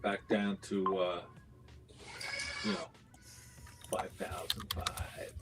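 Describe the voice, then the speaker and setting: A man's voice: low-pitched, flat delivery, extremely slow, loud music behind the voice. A man trading live with the group, making blunt, offhand remarks about the market. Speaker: trader. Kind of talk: casual trading chat.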